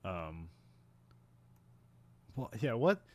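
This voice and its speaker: A man's voice: lowish voice, sing-song, very slow, a little hiss or hum. A man co-hosting a podcast, recapping a film in casual chat, laughing often and trailing off mid-sentence.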